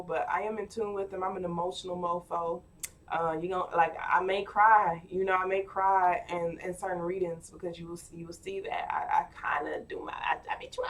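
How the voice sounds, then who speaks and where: A woman's voice: fairly low pitch, a bit bright, recorded from a distance. A woman giving a casual tarot reading, chatty and playful, talking straight to her viewers with plenty of filler words. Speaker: tarot card reader.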